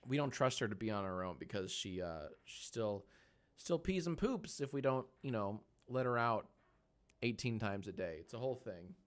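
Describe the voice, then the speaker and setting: A man in his thirties, with a lowish and animated voice at a moderate pace, runs a casual stream from his home editing room. He jokes around with chat, holds polls, and uses soft baby talk with his dog.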